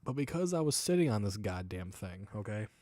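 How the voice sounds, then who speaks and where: A man's voice: fairly low pitch, sing-song, brisk, dark tone, no room sound. A man in his thirties chatting on his livestream as its host, laughing often while he tells crude funny stories. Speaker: streamer. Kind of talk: casual livestream chat.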